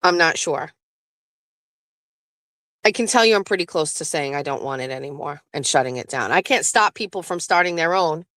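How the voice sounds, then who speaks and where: A woman's voice: sits low, animated, normal speed, a bit bright, no room sound. Blunt profane woman livestream host. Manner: blunt, profane, talks back to chat. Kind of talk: casual live-stream chat with viewers.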